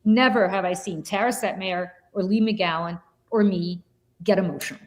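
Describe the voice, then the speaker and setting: A woman's voice: medium pitch, moderate pace. A woman co-hosting a political podcast, telling stories in a blunt, profane, fiery way. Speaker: podcast co-host. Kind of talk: heated political podcast talk.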